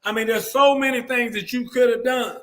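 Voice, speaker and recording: A man's voice: very high voice, fairly even intonation, brisk, fairly bright tone. A man hosting a casual sports talk show, ranting bluntly with plenty of profanity. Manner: mimics others in quoted asides. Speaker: show host.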